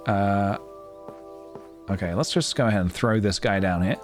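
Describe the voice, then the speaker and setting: A young man chatting casually to his live-stream viewers as he plays a game, playful and chatty, with sudden excited squeals. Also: fairly low pitch, normal speed. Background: faint game music.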